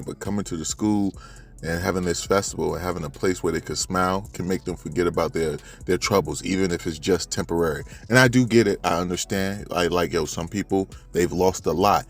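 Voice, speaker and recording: This is a man with a fairly low voice, running through a manga chapter in loose, slangy talk and addressing his viewers directly. Faint music plays underneath him. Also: a little fast. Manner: animated, slangy, talks straight to viewers. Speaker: manga reviewer. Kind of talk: casual chapter recap.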